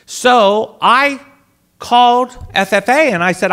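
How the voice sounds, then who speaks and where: Animated priest telling a story. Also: male voice, very high voice, measured pace, clean tone. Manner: animated storyteller, acts out voices, shouts bids. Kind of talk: storytelling talk to an audience. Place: resort event hall.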